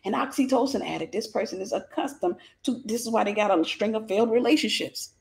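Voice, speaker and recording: A woman's voice: on the high side, quick pace, vocal fry, darkish tone. A woman with a Southern accent giving a preachy, informal Christian lesson on relationships, emphatic and repetitive with folksy jokes.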